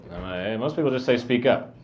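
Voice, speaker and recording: A man doing a stand-up set, mumbling in a flat deadpan. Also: mid-range voice, quick pace, echoey room, heavy background noise. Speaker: stand-up comedian. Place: comedy venue with a live audience. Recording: dull lo-fi live recording with crowd.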